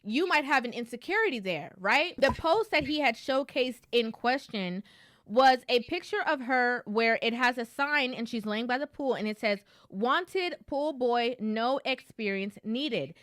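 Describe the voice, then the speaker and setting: A woman's voice: fairly high pitch, lively intonation, moderate pace, a bit bright. A woman co-hosting a podcast, casually explaining a viral clip with lots of "like" and "right?". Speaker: podcast co-host.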